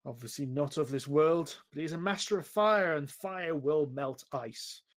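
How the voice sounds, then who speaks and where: Casting: man playing an earnest, grateful tribesman, plain and slightly high voice. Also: expressive, moderate pace, lightly acted. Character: grateful freed male tribesman.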